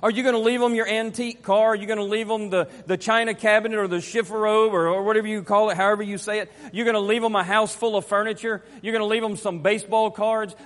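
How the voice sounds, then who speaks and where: A middle-aged man preaching a sermon as pastor, earnest and repeating his questions, rising to forceful emphasis. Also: high voice. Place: church sanctuary. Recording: long hall reverb.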